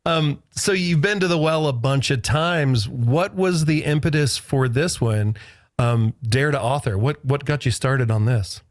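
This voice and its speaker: A man's voice: mid-range voice, a little slow, no room sound. Dry-sounding chatty male host. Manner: laughs easily, chatty. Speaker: podcast host. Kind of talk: casual interview chat.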